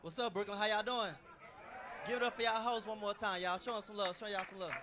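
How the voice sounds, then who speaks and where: A man's voice: high voice, steady tone, quick pace, a crowd in the background, background noise. A man doing a laid-back, self-deprecating stand-up comedy set in a club.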